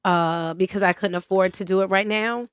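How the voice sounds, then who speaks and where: Dry, relaxed woman podcaster. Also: medium pitch, moderate pace, clear, resonant tone, no room sound. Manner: relaxed, slangy, with many fillers and restarts. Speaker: podcast co-host. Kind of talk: casual chat and reading an article aloud.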